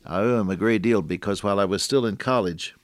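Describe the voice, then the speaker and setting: An older man giving a folksy, earnest radio sermon, reading scripture slowly and solemnly. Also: lowish voice, no echo. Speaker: radio preacher.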